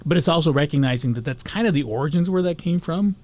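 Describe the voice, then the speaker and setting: A man's voice: on the high side, fast talker, a little mellow, dry recording. A man co-hosting a casual talk on emotions, reflective and sharing personal stories. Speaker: co-host.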